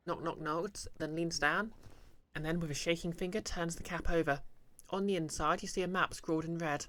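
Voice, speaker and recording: A man's voice: on the high side, fairly even intonation, moderate pace, fairly bright tone. A man streaming a game, chatting casually and jokingly while reading the game text aloud.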